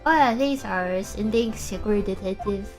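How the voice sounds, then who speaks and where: A woman's voice: mid-range voice, normal speed, faint music behind. A woman streamer playing a game, reacting with giggly, chatty remarks and reading dialogue aloud.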